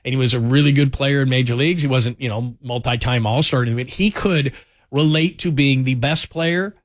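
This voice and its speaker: A man's voice: mid-range voice, normal speed, no room sound. Chatty male sports radio host, dry studio sound. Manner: chatty storytelling, lots of "like". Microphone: studio microphone.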